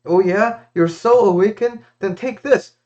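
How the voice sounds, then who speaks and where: A man voicing an arrogant, enraged king who threatens loudly, in a storytelling talk. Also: a little high, fast, lo-fi sound, voice pushed up, close to an everyday voice.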